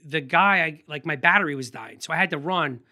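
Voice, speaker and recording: Male podcast guest, high bright voice, lively rambling storyteller. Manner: energetic, rambling, quick anecdotes with laughs. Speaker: guest photographer. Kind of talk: casual storytelling interview.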